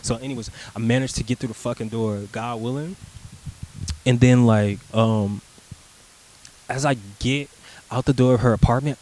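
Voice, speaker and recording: A man's voice: medium pitch, darkish tone, slight background noise, poor audio. A young man casually telling a personal story, rambling and profane, with lots of filler words, acting out his own replies. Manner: rambling and profane, heavy use of "like", acts out his own lines.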